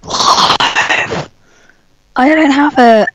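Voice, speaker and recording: A woman co-hosting a comedy podcast with a hoarse, gruff voice, crude and giggly, pronouncing every word with care. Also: high-pitched, very slow, fairly bright tone, dry recording, poor audio. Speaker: podcast co-host. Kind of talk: casual chat and mock-sultry reading.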